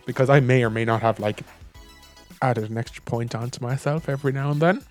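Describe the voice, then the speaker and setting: A man's voice: medium pitch, steady tone, brisk, soft background music. A young Irish man chatting casually, wry, reading out emails and acting out teachers. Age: young adult. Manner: wry, reads out emails in mock voices. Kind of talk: casual chat.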